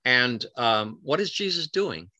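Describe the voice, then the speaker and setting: A man preaching a sermon in an earnest, halting way, often restarting and quoting scripture. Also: medium pitch, expressive, sharp tone, dry recording.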